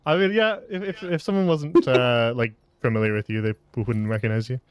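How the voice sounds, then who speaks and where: A man narrating as game master of a tabletop game, laid-back and quick to laugh. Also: clean tone, no echo. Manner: laid-back, laughing often, lively pitch.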